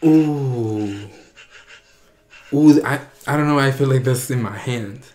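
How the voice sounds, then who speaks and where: A young man hosting a reaction video, talking casually and getting excited and emotional as he watches. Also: medium pitch, takes it slowly, faint music behind.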